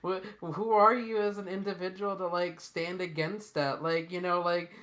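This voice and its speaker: A woman's voice: on the low side, steady tone, moderate pace, a bit bright. A young woman as a podcast guest in casual chat, rambling and saying "like" constantly. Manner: rambling, heavy use of "like".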